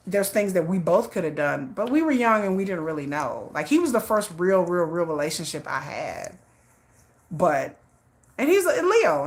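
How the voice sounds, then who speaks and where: On a livestream, a female host with a lowish voice and vocal fry recounts a frank personal story. Her delivery is blunt and lively, with frequent laughter and swearing.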